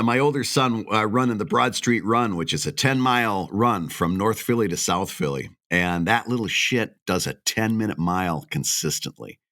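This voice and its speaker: A middle-aged man trading jokes as a podcast co-host, his voice bright and forward. His pitch swings widely as he teases and laughs along, and he sounds a bit under the weather with a cold. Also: no echo, clean studio sound. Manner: animated, laughs often, teasing. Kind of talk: casual chat.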